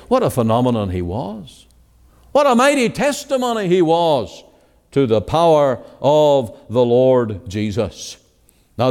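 Man preaching in a reverberant hall. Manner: emphatic preaching, swinging from loud exclamations to hushed low words; quotes scripture in old-fashioned wording. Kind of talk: sermon. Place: meeting hall.

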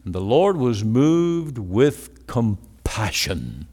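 A man preaching a sermon. He quotes scripture in old-fashioned wording, rising to emphatic exclamations and then dropping to hushed, low words. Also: big pitch swings, extremely slow, husky. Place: meeting hall. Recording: long hall reverb.

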